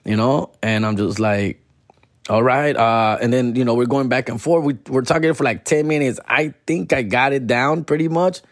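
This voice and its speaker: A man's voice: medium pitch, normal speed, dry recording, studio quality. Slangy, profane man in his forties. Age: 40s. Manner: slangy, profane, mixes in Spanish, animated impressions. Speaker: storyteller. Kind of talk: casual storytelling chat.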